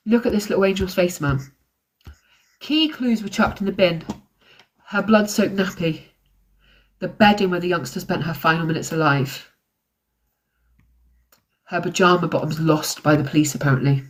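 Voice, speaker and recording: A woman hosting a true crime livestream, talking in an angry, ranting way. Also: fairly low pitch. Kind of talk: live-stream commentary.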